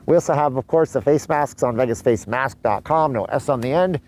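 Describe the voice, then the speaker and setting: A man's voice: medium pitch, a little fast, darkish tone, rough recording. A man born in Canada, vlogging in a chatty, rambling way with asides to his viewers, a mask on as he talks. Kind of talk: casual vlog commentary. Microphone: mask on while talking.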